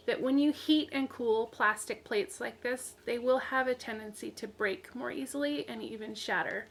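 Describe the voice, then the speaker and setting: A woman's voice: fairly high pitch, sharp tone, slight background noise. A woman hosting a crafting video, demonstrating and explaining in a practical, plain-spoken way with some fillers. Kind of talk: casual demonstration tutorial.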